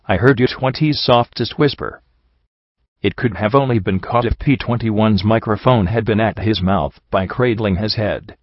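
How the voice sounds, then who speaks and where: A man reading a story as narration in an even, measured way. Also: on the low side, dry recording. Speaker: audiobook reader. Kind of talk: scripted narration. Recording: dull dry recording.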